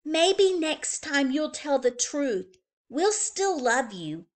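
A woman voicing a kind big sister bunny in a soft, sweet voice. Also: very high voice, very animated, a little slow, voice pushed up, heavily acted.

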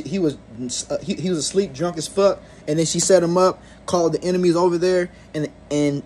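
A man's voice: fairly high pitch, slightly rough. A young man telling a rambling, profane storytime rant to his viewers. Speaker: vlogger.

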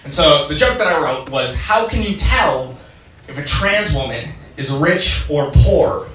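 A man performing a stand-up comedy set in a comedy club, deadpan jokes and riffing with the crowd. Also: on the high side, measured pace. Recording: echoey club from a far mic, loud noise. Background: audience laughter.

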